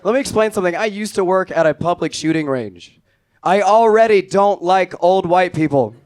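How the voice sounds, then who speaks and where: A young man doing stand-up, telling a story with dry, offhand delivery that drops low and quiet on the punchlines. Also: moderate pace. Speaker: stand-up comedian.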